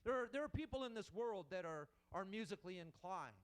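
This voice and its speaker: A man's voice: sits high, lively intonation, brisk. A man preaching a sermon in an earnest manner, repeating and restarting as he builds his points.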